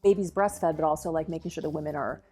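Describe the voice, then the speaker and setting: A woman's voice: low voice, fast, dark tone, soft background music. A middle-aged woman, a lactation consultant and dietitian, speaking earnestly and eagerly as a podcast guest. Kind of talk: podcast interview.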